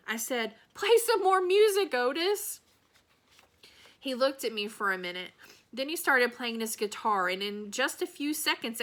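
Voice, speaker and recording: A woman's voice: fairly high pitch, pushed and bright. A woman reading a children's novel aloud, giving the dialogue light voices. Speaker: reader.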